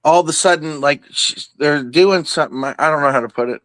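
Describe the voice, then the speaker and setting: A man talking casually in an open Q and A, excitable and rambling, with many restarts and fillers. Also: a little high, a little fast, no room sound. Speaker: participant in an open Q and A.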